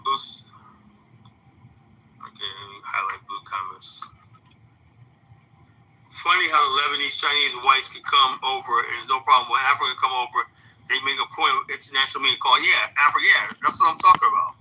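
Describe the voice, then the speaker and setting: A man's voice: mid-range voice, a little fast, pauses often, bright, forceful tone, breathy edge, low-quality recording. A man giving heated commentary, firing off blunt rhetorical questions and repeating himself. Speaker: commentator in a played clip. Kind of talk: heated commentary reacting to a clip.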